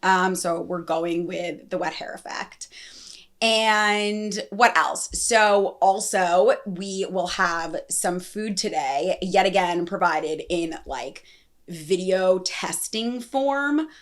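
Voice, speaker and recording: A woman hosts her own podcast in a loose, chatty way. Her voice sits a little low for a woman. She rambles and fills pauses with ums and likes. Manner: chatty, rambling with many fillers. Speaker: podcast host. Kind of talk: casual podcast chat.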